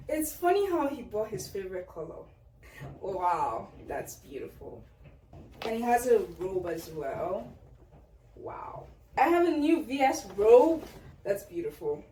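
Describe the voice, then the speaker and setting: Young woman gushing over gifts, slow lively voice, echoey room, far from mic. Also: fairly high pitch. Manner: gushing, excited, exclaims often. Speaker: vlogger. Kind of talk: casual unboxing chat. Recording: roomy echo, distant mic, faint noise.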